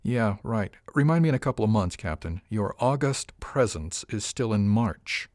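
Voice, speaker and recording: A man's voice: fairly low pitch, expressive, normal speed, darkish tone, dry recording, studio quality, natural voice. A man voicing an irreverent young woman crew member who banters with her captain, in an audiobook. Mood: cheeky. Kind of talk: audiobook character reading.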